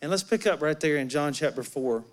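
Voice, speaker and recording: Pastor guy telling a bible story like he's chatting w friends, higher voice, jokes around. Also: animated, a little fast. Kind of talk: conversational sermon.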